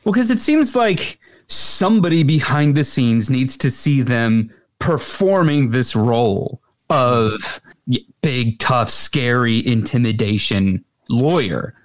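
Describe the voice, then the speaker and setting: A man guesting on a podcast in casual chat, animated and analytical. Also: medium pitch. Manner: animated, analytical, quick to act out quotes.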